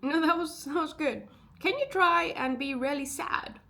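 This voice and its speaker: A woman's voice: sits high, moderate pace, sharp tone. Young woman, casual vlog chat, chatty, fillers and asides, thinking aloud. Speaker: vlogger.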